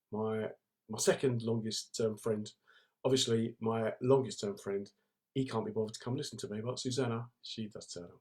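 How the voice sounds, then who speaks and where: A man hosting a casual live stream from home, joking with viewers and greeting commenters by name. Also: mid-range voice.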